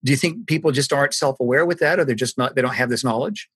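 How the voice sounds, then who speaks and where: A man with a husky, somewhat raspy voice hosts an interview, recorded dry with no room sound. He asks questions in a relaxed, curious, conversational manner. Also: medium pitch, fast, no echo. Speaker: podcast host, recruiter.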